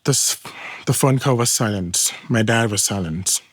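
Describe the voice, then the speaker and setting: Earnest Thai-accented man telling his story. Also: on the low side. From Thailand. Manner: earnest, halting non-native English, acts out dialogue. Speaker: testimony guest. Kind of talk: personal testimony storytelling.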